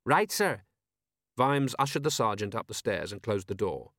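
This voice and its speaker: A man narrating an audiobook in a wry, expressive way, recorded in a studio. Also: on the low side, fairly quick, no echo.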